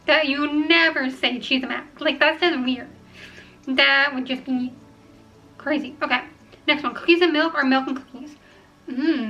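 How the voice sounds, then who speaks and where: A young woman chatting casually to camera at home, rambling and filling pauses with ums as she weighs each choice. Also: high-pitched, fairly bright tone, dull audio. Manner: chatty, rambling, filler-heavy. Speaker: vlogger. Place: home room.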